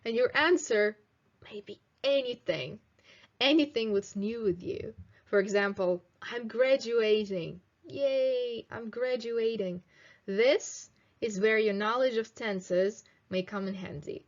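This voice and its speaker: A young woman teaching English in a video lesson, slowly modelling phrases for students to repeat. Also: medium pitch, muffled recording. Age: 20s. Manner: slow, clear teaching delivery with drilled example phrases.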